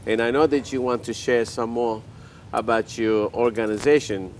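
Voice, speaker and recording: A man's voice: medium pitch, fairly even intonation, normal speed, a little hiss or hum. Older man hosting a homey cooking show. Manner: folksy storyteller, joking asides. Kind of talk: chatty cooking demonstration.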